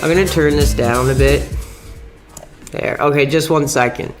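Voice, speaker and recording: A man's voice: on the high side, moderate pace, over music. A young man live-streaming from home, rambling casually and agitatedly, with frequent "dude" and minced swears. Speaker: livestreamer. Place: at home, upstairs room.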